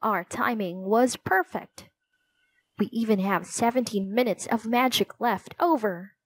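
A woman's voice: on the high side, unhurried, no room sound. A woman voicing a sensible, cautious young boy magician. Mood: calm. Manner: level-headed and careful.

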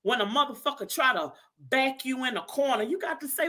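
A woman's voice: sits high, lively intonation, a little fast, bright, forceful tone. A woman hosting a live stream, ranting in a brash, profane way and laughing as she goes. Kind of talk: heated live-stream rant.

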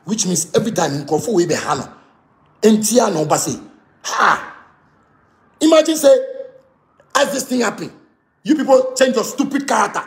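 Furious shouting Ghanaian man, raspy and high. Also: animated, a little fast, pauses often, roomy sound. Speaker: musician. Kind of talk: angry rant.

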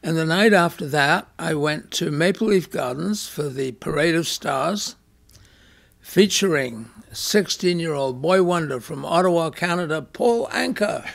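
Gravelly older Englishman telling stories. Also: fairly high pitch, lively intonation, a little slow, a bit bright. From England. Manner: anecdotal, wry, with dramatized quotes. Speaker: guest. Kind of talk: storytelling in a conversation.

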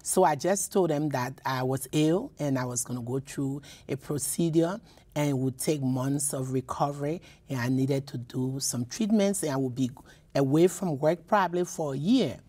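With an extremely low, warm voice at normal speed, a woman from Liberia, a poet and professor, recounts personal stories on a radio interview. She is emotional, repeating words and frequently starting over.

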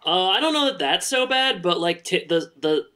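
A man's voice: sits high, lively intonation, moderate pace, pushed and bright. Rambling, joking male podcast co-host. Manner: rambling, joking, bluntly critical. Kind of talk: casual podcast chat.

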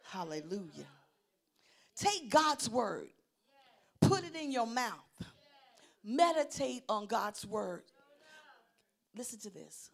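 High-voiced woman pastor preaching with fervor. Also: animated, takes it slowly, creaky, long pauses. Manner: preaching with call-and-response, swinging from loud declarations to low asides. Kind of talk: sermon.

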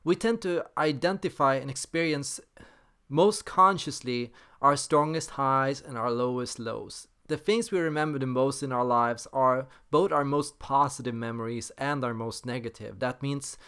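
Smooth-voiced man explaining theory. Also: mid-range voice, moderate pace, fairly bright tone. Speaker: personality theory channel host. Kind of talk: explanatory monologue.

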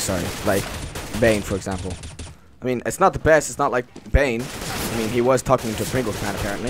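A man giving live gameplay commentary, reacting out loud and swearing a lot as he plays. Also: lowish voice, animated, fast, background noise. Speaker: gaming channel host. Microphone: desk mic on a stand. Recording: loud gunfire under the voice. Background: shooter game gunfire.

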